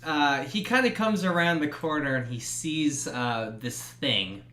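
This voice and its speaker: A man running a horror tabletop game as game master, narrating in a relaxed, hesitant way full of ums and uhs. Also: on the high side, a little slow, echoey room, slight background noise.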